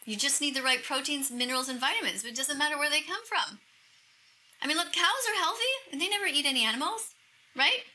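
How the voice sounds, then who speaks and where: High bright gushing middle-aged woman. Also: lively intonation, brisk, rough recording. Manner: emotional, gushing, drops into breathy whispers. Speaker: vegan activist vlogger. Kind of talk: reacting to a video while talking to the camera.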